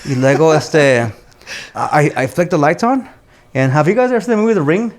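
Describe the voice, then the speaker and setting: A man's voice: fairly high pitch, fairly quick. A man on a podcast telling a story with animation, cursing freely and slipping in Spanish words. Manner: animated storyteller, swears often, says "dude" and "bro". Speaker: podcast host. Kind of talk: casual chat, storytelling.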